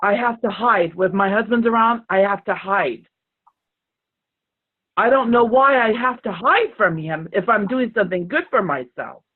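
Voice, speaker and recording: A woman sharing personal struggles on a video call, earnest and halting, close to tears. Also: medium pitch, animated, slightly rough. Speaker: group participant. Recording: tinny phone-like video call audio.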